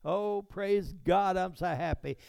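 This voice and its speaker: A beaming, gushing churchgoer, as a preacher puts him on, stretches every word out in a high, sing-song lilt. He sounds overjoyed and syrupy. The sound is clear and dry. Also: slow pace, a little mellow, no room sound, full character voice.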